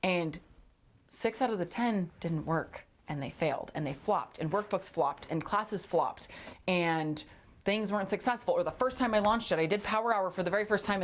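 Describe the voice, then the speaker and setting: A woman's voice: on the low side, normal speed. A woman hosting a motivational solo podcast, talking emphatically and repeating phrases for punch. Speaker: podcast host.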